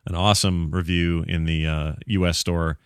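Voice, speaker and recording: A man with a Utah accent co-hosting a casual podcast, laid-back and quick to laugh. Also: low-pitched, flat delivery, clean tone, dry recording, studio quality. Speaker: podcast co-host. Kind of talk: casual chat.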